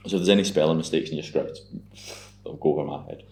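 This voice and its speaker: A deep-voiced Scottish man with a gravelly, dark tone hosts a casual podcast chat. He swears freely and teases his guest bluntly. The room is echoey, with a faint hum underneath. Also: quick pace. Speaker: podcast host.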